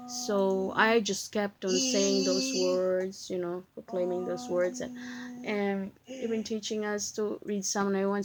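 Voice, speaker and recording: A woman's voice: mid-range voice, noisy background. A woman giving a casual spoken testimony about her faith, earnest and repeating phrases as she recites verses with emphasis. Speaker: vlogger sharing a faith testimony.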